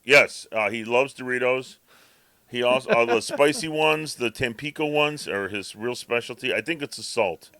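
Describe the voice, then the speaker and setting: A man's voice: mid-range voice, moderate pace, sharp tone, dry recording. A man co-hosting a podcast, telling a long, rambling story in casual chat and acting out his cat's thoughts. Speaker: podcast co-host.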